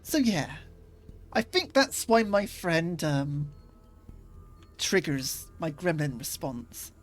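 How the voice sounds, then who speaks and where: A woman's voice: deep voice, big pitch swings, takes it slowly, soft background music. A woman streamer chatting casually as she plays, rambling a little with fillers. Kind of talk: casual gaming stream commentary.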